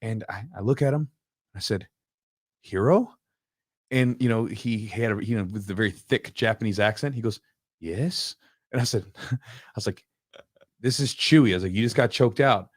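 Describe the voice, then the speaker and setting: A man hosting a podcast, telling coaching stories in a casual, animated way. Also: lowish voice, no room sound, clean studio sound. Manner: animated storyteller, quick, acts out quotes. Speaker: podcast host, jiu-jitsu coach. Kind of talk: casual storytelling chat.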